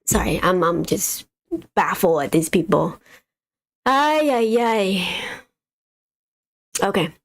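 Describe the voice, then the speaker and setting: A woman's voice: lowish voice, animated, slow pace, pauses often. A woman hosting a casual livestream, giving exasperated, blunt commentary on stocks while reading figures off a screen. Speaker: stock market livestream host.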